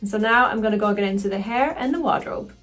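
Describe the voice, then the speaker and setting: Woman, casual makeup tutorial, chatty and excitable, mid-range voice, faint music underneath. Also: mid-range voice, fast talker. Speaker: cosplayer doing a makeup tutorial.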